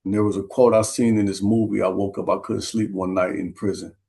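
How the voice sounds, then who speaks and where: A man's voice: on the low side, level tone, brisk, creaky, dark tone. A man guest, retelling a story in an earnest, emotional way, close to tears. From Minneapolis, USA.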